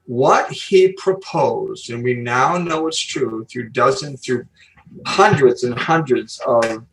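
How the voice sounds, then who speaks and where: An older man, a guest speaker on psychology, telling stories and explaining ideas slowly and emphatically in an interview. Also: medium pitch, a bit bright, recorded from a distance, rough recording. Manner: emphatic, slow deliberate pauses, storytelling. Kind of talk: podcast interview.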